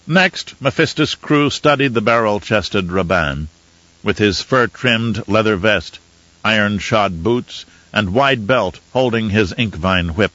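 A man narrates a novel in a steady, descriptive storytelling voice that sits on the low side. The recording is dull and muffled, with a dry, close sound and no room echo. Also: unhurried. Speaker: audiobook narrator. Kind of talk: scripted narration.

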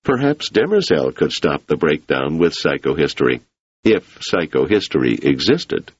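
A man's voice: a bass voice, very animated, moderate pace, slightly rough, no room sound, muffled recording, heavily acted. A man reading the part of a cautious, reluctant male scholar who talks in a guarded, dry way.

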